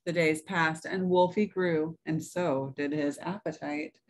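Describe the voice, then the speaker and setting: A woman reading a picture book aloud to children, gently explaining words as she goes. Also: deep voice, fairly even intonation, measured pace. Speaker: story reader for children at church.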